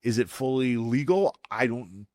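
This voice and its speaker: A man, a guest chef telling lively stories in a casual podcast chat, swearing freely. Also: mid-range voice, no echo, clean studio sound. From Vancouver, Canada. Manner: animated, fast storyteller who swears freely.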